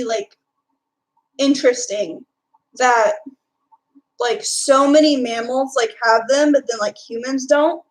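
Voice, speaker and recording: A young Texan woman with a Texan accent chats casually on a live stream, reading and answering her chat with plenty of filler. Her voice is high-pitched, and the recording is rough.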